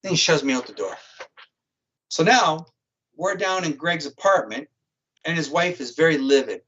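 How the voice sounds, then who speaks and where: A man's voice: on the high side, animated, moderate pace, sharp tone, slight background noise. Blunt, swearing man telling a story. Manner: blunt and profane, vivid retelling. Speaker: guest, psychic criminal profiler. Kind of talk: casual storytelling. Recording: dull lo-fi stream audio.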